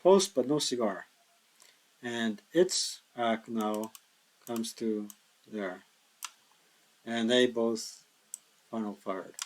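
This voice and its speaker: A tired man thinking aloud in a slow mutter as he plays a board wargame solo, counting hexes and working out dice rolls. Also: medium pitch, low-quality recording. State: tired, yawning.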